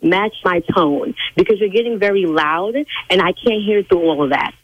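A woman on a phone call, a church sign language interpreter, speaking in a prim, measured way. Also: mid-range voice, no room sound. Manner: prim and measured, then explodes. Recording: phone line.

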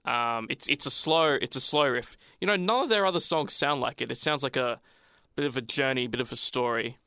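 Male podcast co-host, gravelly and bright, halting casual talk. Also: medium pitch, no room sound, clean studio sound. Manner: hesitant, many ums and restarts. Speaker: podcast co-host, music fan. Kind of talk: casual music discussion.

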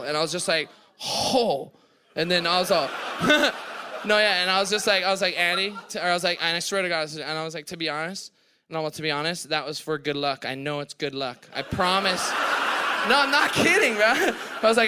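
A man's voice: fairly high pitch, fast talker, noisy background. A young Hawaiian man with a Hawaiian accent, a podcast guest telling a story on stage, laughing and acting out quotes. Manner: laughing, breathless retelling with voiced quotes. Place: live event on stage.

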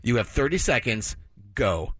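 A man's voice: medium pitch, big pitch swings, background noise. A man co-hosting a morning radio game show, upbeat and teasing the callers. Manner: teasing, upbeat, quick quips. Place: radio studio.

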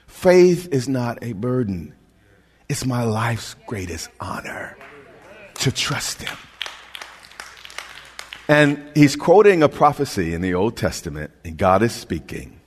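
A man preaching a sermon as pastor, stretching out phrases and dropping to a hushed near whisper on key words before building up again. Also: medium pitch, long reverb tail.

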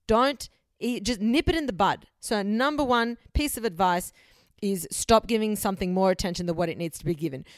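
A woman's voice: mid-range voice, dry recording, clean studio sound. A young woman hosting a solo advice podcast, speaking bluntly and frankly, with casual swearing. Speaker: podcast host.

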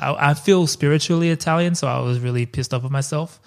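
A man's voice: medium pitch, brisk, smooth. Aussie guy cohosting a podcast, chatty storyteller, drops swears, goes off on tangents. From Australia. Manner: loose storytelling with swearing and asides. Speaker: podcast co-host. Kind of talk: casual chat.

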